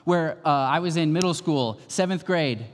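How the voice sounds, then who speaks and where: A man delivers an emphatic, conversational sermon from the pulpit, his voice sitting a little higher than most men's. Long reverb from a large hall trails after each phrase. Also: normal speed. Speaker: pastor.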